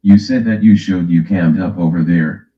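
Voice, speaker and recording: Deep-voiced New York man bickering. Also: moderate pace. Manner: profane, bickering, teasing. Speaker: streamer. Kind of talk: casual argumentative stream chat. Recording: echoey, dull stream audio.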